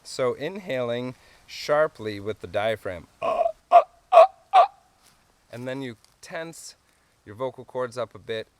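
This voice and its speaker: A man's voice: medium pitch, expressive, slow pace, pauses often, slight background noise. A man teaching a hands-on tutorial on calling wildlife, explaining in an easygoing, folksy way and chuckling often.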